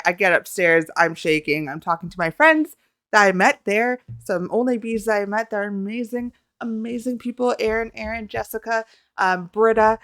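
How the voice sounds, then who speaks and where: A young woman from Canada, telling a rambling, excitable story about meeting a group in a casual vlog, talking close to the mic. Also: medium pitch, no echo. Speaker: YouTuber.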